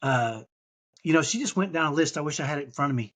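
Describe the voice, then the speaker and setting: Man, fifties, husky, slightly high voice, earnest storyteller, keeps asking "right?". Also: expressive, fast, fairly bright tone. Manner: earnest, tags points with "right?". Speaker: podcast guest.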